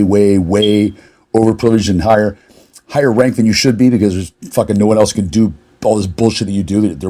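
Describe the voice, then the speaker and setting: Low raspy guy ranting hard, swears every other word, super confrontational. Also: warm tone. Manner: furious, confrontational, swears constantly. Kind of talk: angry profane rant.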